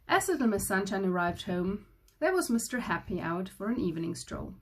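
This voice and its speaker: A woman teacher reading a children's story aloud, slowly and carefully. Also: mid-range voice, sing-song, husky. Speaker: school teacher.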